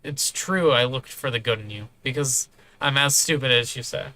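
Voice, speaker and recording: A man's voice: mid-range voice, moderate pace, sharp tone, lightly acted. A man voicing a hurt young woman who is crying, stammering and lashing out. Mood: bitter. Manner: trembling, stammering, then lashing out.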